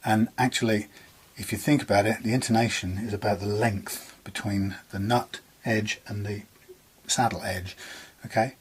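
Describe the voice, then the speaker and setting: A man's voice: fairly low pitch, steady tone, moderate pace, slightly rough. A man with an English accent chatting casually about a guitar repair in his workshop, rambling and bemused, laughing often.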